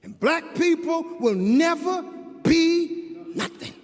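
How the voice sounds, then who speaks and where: A man preaching an impassioned sermon as a minister, building to shouts. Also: very high-pitched, expressive, slow. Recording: long hall reverb.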